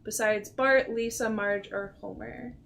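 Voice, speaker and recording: A woman with a slightly high voice co-hosts a livestream and reads viewer questions aloud. She speaks slowly and casually and laughs easily. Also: fairly even intonation, vocal fry, fairly bright tone. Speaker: co-host reading viewer questions.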